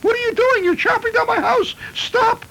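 A man voicing a frantic woman screaming at firemen to stop wrecking her house, in a high shrieking falsetto. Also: normal speed, vocal fry, sharp tone, exaggerated voice, rough recording. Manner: shrieking, pleading.

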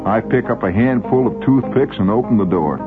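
A man's voice: fairly low pitch, a little fast, narrow, tinny audio, loud music behind the voice. A man telling a first-person story in a wry, vivid way.

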